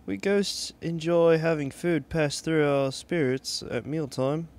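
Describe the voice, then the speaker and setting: A chatty castle ghost with a put-on British accent, as a man reads the game's lines aloud. The delivery is mock-proper and slow, with a gravelly creak in the voice. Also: a little high, darkish tone, pitched above the performer's own voice. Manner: reading game dialogue aloud, mock-proper.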